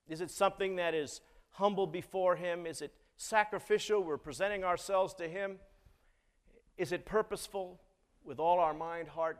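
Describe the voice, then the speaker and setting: A man preaching a sermon in a measured way, often putting questions to the congregation. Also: on the high side, long reverb tail. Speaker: pastor.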